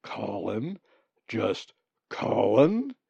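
A man puts on a big, deep-voiced male raven for a storybook reading, stern and formal, with a gravelly, slow and old-fashioned manner. The sound is dull and lo-fi. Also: lively intonation, mellow, dry recording, exaggerated voice. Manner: old-fashioned, pompous, booming when angry.

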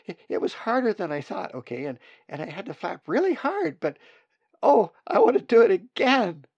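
A man voicing a young, excitable female raven chick who stammers breathlessly. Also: high voice, slow pace, muffled recording, voice pushed up, full character voice. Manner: breathless stammering, frightened then thrilled.

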